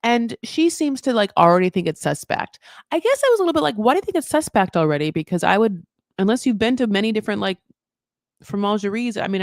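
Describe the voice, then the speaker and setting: A woman's voice: medium pitch, no echo, clean studio sound. A woman hosting a casual live TV recap, chatty, rambling and sarcastic. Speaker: host of a TV recap show.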